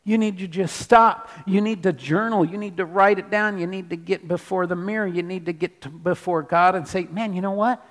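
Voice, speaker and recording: A man preaching a sermon as pastor in a church, animated, repeating his declarations. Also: high voice, moderate pace, hardly any pauses, big-room sound.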